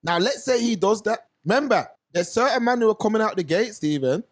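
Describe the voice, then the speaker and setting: A high-voiced man holds forth in a casual podcast chat. He tells stories in street slang and acts out the people in them. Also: a little fast. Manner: animated storytelling, slangy, acts out quoted voices. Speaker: podcast co-host.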